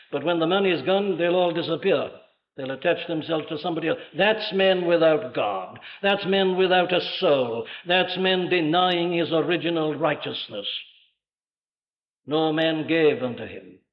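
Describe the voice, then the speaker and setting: Emphatic preacher on an old recording. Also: male voice. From Wales. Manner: emphatic, rhetorical questions, dramatic rises in pitch. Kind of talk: sermon. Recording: dull lo-fi archive sermon recording.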